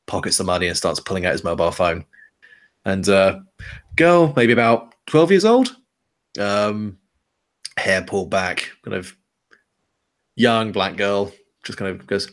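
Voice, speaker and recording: A man's voice: lowish voice, very animated, measured pace, long pauses, fairly bright tone. A man narrating a tabletop game as game master, loose and rambling. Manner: loose, rambling, full of fillers and restarts.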